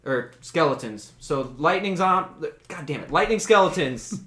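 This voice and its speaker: A man's voice: a little high, expressive, measured pace, a bit bright, echoey room. A man narrating as game master of a tabletop game, rambling with fillers and laughing.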